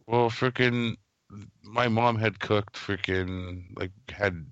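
A man co-hosting a casual podcast, telling profane, animated stories about his family. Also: on the low side, slow pace, dry recording, muffled recording. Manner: profane storyteller, animated when quoting his mom. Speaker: podcast co-host. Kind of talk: casual chat.

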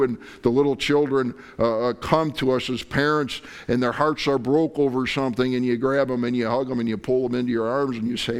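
A man's voice: medium pitch, fairly even intonation, brisk, few pauses, clear, resonant tone. Impassioned male pastor preaching. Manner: impassioned preaching, acting out prayers and God's words. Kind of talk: sermon.

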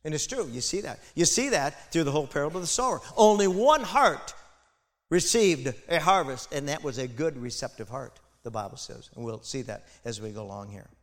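A man preaching a sermon with passion, building to loud emphatic peaks and turning aside to his congregation. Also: on the high side, expressive, fairly quick. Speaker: pastor. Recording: long hall reverb.

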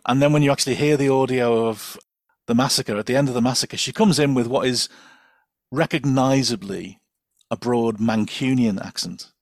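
Animated man chatting as a podcast guest. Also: mid-range voice, moderate pace, no echo, studio quality. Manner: animated, digressive, many fillers and restarts. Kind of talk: casual chat.

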